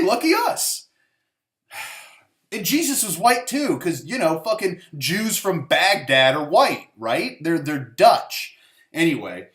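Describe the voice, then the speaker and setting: A man's voice: on the high side, fairly bright tone. Rambling, sarcastic male movie reviewer. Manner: rambling and sarcastic, heavy on "like" and swearing. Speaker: host of a movie review show. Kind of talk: casual profane movie review. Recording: roomy echo.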